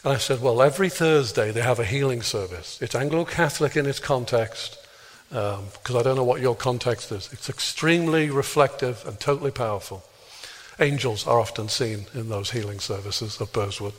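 Guy preaching, tells stories and does the voices, goes high then hushed, big echoey hall. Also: normal speed. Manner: animated storyteller acting out dialogue, sudden high exclamations and hushed low asides. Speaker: speaker leading a healing prayer talk. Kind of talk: storytelling sermon. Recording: long reverb of a large hall.

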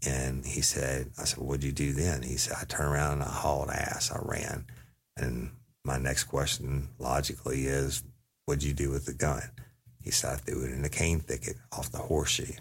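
The speaker is a man with an extremely low, gravelly, slightly rough voice, talking at normal speed with little pitch movement. He tells an audience about a police interrogation, swearing casually and acting out the quoted exchanges.

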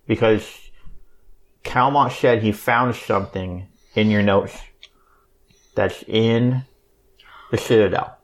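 Man playing an earnest, apologetic young man. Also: fairly low pitch. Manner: hesitant, apologetic, stumbles over words.

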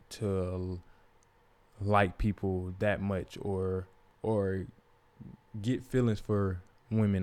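A young man, telling a personal story as a podcast host in a candid, profane, casual way. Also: on the low side. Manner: profane, candid, animated when quoting others.

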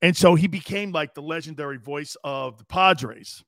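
Brief: middle-aged male sports radio host, brash and boastful, a fairly high voice, dry close sound. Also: moderate pace, fairly bright tone, dry recording. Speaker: sports talk show host. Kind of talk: live sports talk monologue.

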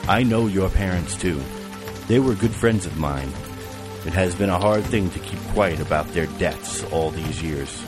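A man voicing a grieving old man who speaks slowly and gravely. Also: deep voice, music in the background. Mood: solemn.

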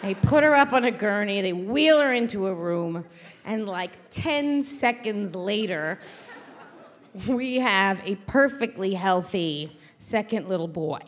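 A woman's voice: medium pitch, animated, unhurried. A woman host telling a brash, profane comic story on a theater stage before a live audience.

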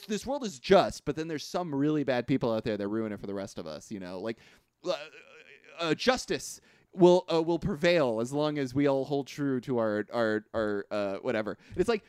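A man co-hosting a podcast, talking through a movie review in casual chat, animated and swearing often with frequent restarts. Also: a little high, moderate pace, clear, resonant tone, no room sound, clean studio sound. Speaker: podcast co-host.

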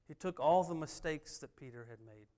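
A man's voice: on the high side, moderate pace, dark tone. A man preaching a sermon, driving points home with emphatic repeated refrains. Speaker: pastor.

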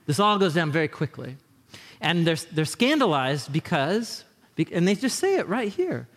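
A man preaching in a loose, animated, conversational way, often restarting his sentences. His voice sits a bit high, and a long reverb trails each phrase in a large hall. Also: moderate pace. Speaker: pastor. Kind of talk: sermon.

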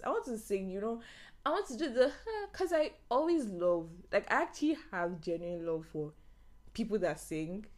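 A young woman hosting a solo podcast, talking casually and animatedly and laughing often. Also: mid-range voice. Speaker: podcast host.

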